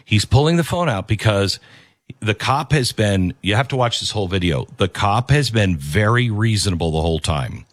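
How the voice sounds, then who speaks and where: A man's voice: lowish voice, lively intonation, normal speed, no echo, studio quality. A man hosting a commentary show, reacting to a video clip in an emphatic, preachy way and repeating his key phrases.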